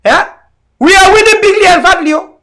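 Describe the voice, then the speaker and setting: Man, Cameroonian English accent, Pidgin, very high voice, sharp tone, mocking political commentary, repetitive. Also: fairly quick. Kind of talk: impassioned online commentary.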